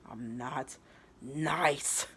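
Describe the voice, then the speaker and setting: A man voicing a jealous, wounded villainous woman in a retold story, speaking a bit more quietly than in his narration. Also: fairly high pitch, animated, slow pace, slight background noise. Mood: tearful.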